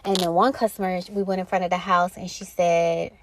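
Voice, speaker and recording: A woman's voice: lowish voice, little pitch movement, a little fast, background noise. A woman hosting a spiritual podcast, talking casually and directly to her listeners with plenty of slang. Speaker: podcast host.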